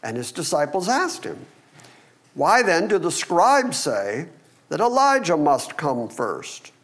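A middle-aged man preaching a sermon and reading Bible passages aloud, animated and acting out the people in the story. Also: fairly high pitch, slow. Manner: animated, acts out the disciples. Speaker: pastor.

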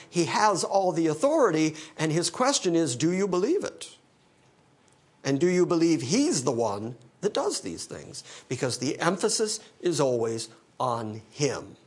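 A male pastor preaching an expository sermon, animated and teaching verse by verse, with dry humor. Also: on the high side, measured pace, slightly rough. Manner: animated, quoting scripture in character, dry humor.

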